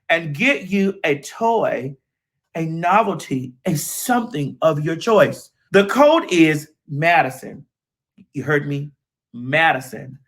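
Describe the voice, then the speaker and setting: Sassy man with a lively high voice. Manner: sassy and teasing, swoops up and down. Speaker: co-host reading the sponsor spot. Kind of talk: playful ad read.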